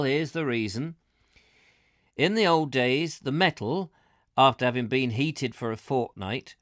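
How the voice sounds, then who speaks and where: A man's voice: medium pitch, a bit bright, no room sound, clean studio sound, close to an everyday voice. A man voicing an ironworks guide who explains old trade history to a visitor. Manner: explaining, storytelling. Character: proud man guiding a visitor around an ironworks.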